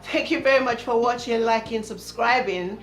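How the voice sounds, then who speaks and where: A woman telling a personal story to camera in a casual, earnest vlog, quietly voicing her inner voice as she goes. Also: fairly high pitch, normal speed, reverberant. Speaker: vlogger.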